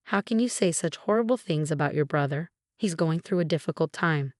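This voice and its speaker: A protective middle-aged mother pleads and scolds in a spoken story, read out by a woman. Her voice sits a bit low and sounds close and dry. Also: animated, fairly quick, darkish tone, no room sound. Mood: reproachful. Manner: pleading, reproachful.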